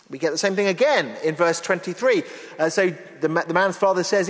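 A man preaching a sermon in an earnest, expressive way, acting out the lines he quotes. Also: high-pitched, brisk, few pauses. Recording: long reverb of a large hall.

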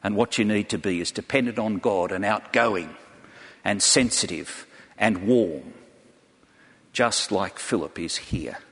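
Husky-voiced preacher in a reverberant hall. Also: male voice, on the low side, a little slow, a bit bright. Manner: earnest storytelling with direct questions to the congregation. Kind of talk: sermon. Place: church hall before a large congregation.

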